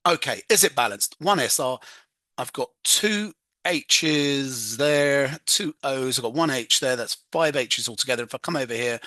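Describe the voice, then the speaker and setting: A chatty man walks through a chemistry exam question in a casual tutoring voice, teasing himself over slips and humming as he writes. His voice is bright and forward. It is recorded close and dry, with no room sound. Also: mid-range voice, lively intonation, moderate pace, no room sound. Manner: chatty, self-mocking, hums "da da" while working.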